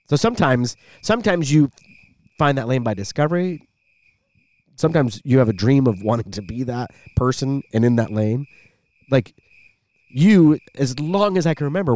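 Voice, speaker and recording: A middle-aged man co-hosting a podcast, an animated storyteller who used to be a radio voice guy, chatting casually. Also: medium pitch, no echo. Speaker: podcast co-host.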